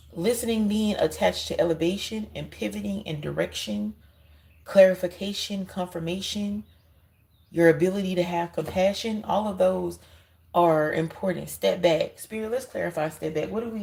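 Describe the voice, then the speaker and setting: A woman's voice: medium pitch, vocal fry, a little mellow, slight background noise, poor audio. A woman giving an intuitive card reading, speaking emphatically and straight to her viewers, often repeating herself. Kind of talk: spiritual card reading monologue.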